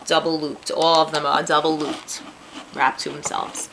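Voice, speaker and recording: Chatty New York woman, lowish voice. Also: little pitch movement, normal speed, background noise. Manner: chatty, self-deprecating asides. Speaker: craft tutorial host. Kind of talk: casual step-by-step tutorial.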